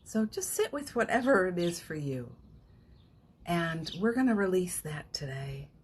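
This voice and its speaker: A woman hosting a live morning session as a spiritual coach, chatting casually and leading guided affirmations, with frequent laughs and soft, almost whispered phrases. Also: on the low side, big pitch swings, a little slow, a little hiss or hum. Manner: chatty, warm-hearted, laughs often, breaks into soft affirmations. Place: home, streaming live from her phone.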